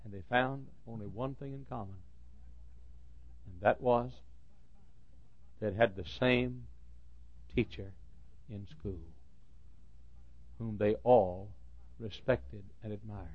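A man in his fifties preaching a sermon, dropping to a hushed storytelling voice and then rising to fervent shouts. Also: fairly low pitch, slow, pauses often, dry recording, dull audio. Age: 50s. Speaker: pastor.

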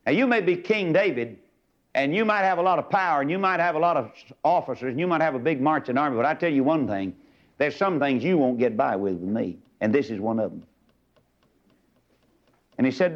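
An older man preaching a fiery, emphatic sermon, swinging from loud high bursts down to low murmurs. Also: lively intonation, fairly quick. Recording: dull lo-fi sermon tape.

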